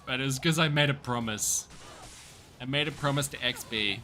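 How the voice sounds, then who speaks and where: A man's voice: mid-range voice, normal speed, bright, forceful tone, slight background noise. An Australian man chatting casually with viewers while livestreaming a game, joking and upbeat. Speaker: streamer. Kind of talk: casual gaming livestream chat.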